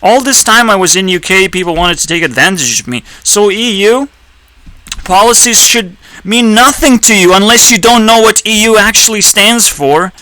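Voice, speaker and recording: A man ranting on a video channel, swearing a lot and breaking into sudden high-pitched outbursts. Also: animated, normal speed, sharp tone, no echo, rough recording. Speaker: YouTuber. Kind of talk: ranting commentary.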